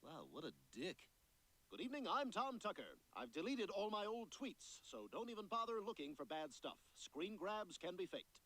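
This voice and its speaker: Scheming cartoon baby boy, haughty, theatrical, high bright voice. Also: very animated, normal speed, exaggerated voice, low-quality recording. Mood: pompous.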